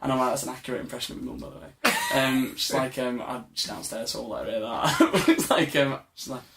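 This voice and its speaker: A man's voice: medium pitch, quick pace, creaky, fairly bright tone, a little hiss or hum. A young man, co-hosting a podcast at his house in casual, rambling chat, laughing and swearing freely. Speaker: podcast co-host. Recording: echoey room.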